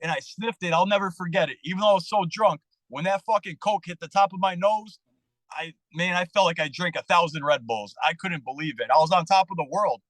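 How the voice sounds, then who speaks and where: Man, podcast guest, candid storytelling, profane, fairly high pitch, dry sound. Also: a little fast, no room sound, poor audio. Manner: candid, profane and animated, acting out dialogue. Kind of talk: casual storytelling interview.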